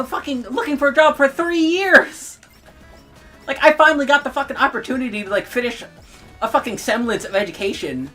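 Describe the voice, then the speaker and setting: A woman's voice: medium pitch, sharp tone, husky. A young adult woman streamer ranting in heated, profane commentary and laughing between outbursts.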